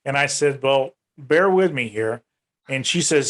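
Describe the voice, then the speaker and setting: Guy on a podcast spinning a long story, mid-pitch voice, pops his voice up high when he quotes people. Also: animated, a little slow. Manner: retells events in long runs, raising his pitch to act out quoted speech. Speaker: UFO research organization director, guest. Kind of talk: casual storytelling in a podcast interview.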